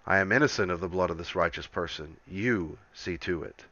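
A man reading the lines of an uneasy, insistent male Roman governor in a measured, questioning way. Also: sits low, pushed and bright, dry recording, dull audio.

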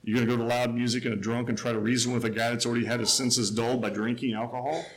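A man preaching a sermon, quoting scripture with emphatic rises and quiet, lowered asides. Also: level tone, racing, rough recording. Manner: emphatic, rising to a near shout then dropping low.

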